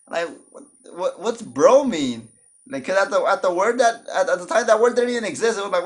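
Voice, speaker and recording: A man telling a storytime vlog in a casual, jokey way. He is animated and keeps acting out the voices of the people in his story. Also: high voice, fairly quick. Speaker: storytime vlogger.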